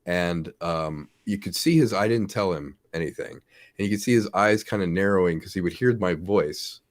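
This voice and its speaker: A middle-aged man, a guest actor, telling lively stories in a casual interview and acting out the lines he quotes. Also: moderate pace. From Wisconsin. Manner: animated storyteller, acts out quotes with big pitch swings and laughs.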